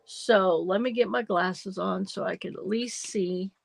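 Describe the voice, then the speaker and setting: A middle-aged woman hosts a casual crafting livestream from home, her voice nasal and congested from feeling unwell. She talks slowly in a rambling, apologetic way, with a gravelly edge, dry close sound and faint music behind her. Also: medium pitch, no room sound. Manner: rambling, apologetic, many ums and restarts. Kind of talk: casual livestream chat while junk journaling.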